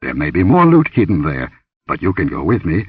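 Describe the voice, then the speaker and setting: A man voicing a blunt, commanding barbarian warrior in an audiobook, gruff and grunting. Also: low-pitched, huge pitch swings, brisk, dry recording, recorded from a distance, narrow, tinny audio, heavily acted.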